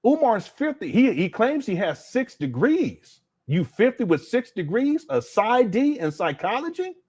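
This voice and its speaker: A man hosting a casual livestream, reading viewer messages and commenting with animated, incredulous energy and many fillers. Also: extremely high pitch, measured pace, slightly rough. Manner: animated, incredulous, talks to chat, frequent fillers. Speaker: livestream host reading super chats.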